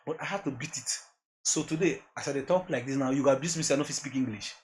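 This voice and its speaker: A man's voice: medium pitch, quick pace. Earnest Nigerian man slipping into Pidgin. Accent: Nigerian, mixing in Pidgin. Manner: earnest, reflective, repeats phrases, laughs often. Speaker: podcast guest, music producer. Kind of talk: casual interview chat.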